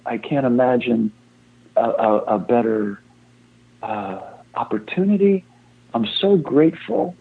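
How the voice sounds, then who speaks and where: An older fire chief talks as an interview guest, wandering from thought to thought and running himself down with a laugh. His voice is husky. It comes through a thin, tinny phone line. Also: medium pitch, animated, a little slow. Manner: rambling, self-deprecating, repeats himself. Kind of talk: casual interview talk.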